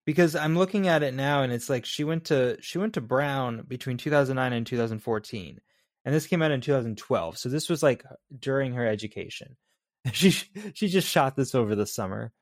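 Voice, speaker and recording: A man's voice: mid-range voice, fairly quick, no room sound, studio quality. A man co-hosting a casual movie review podcast, blunt, wry and opinionated. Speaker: podcast co-host.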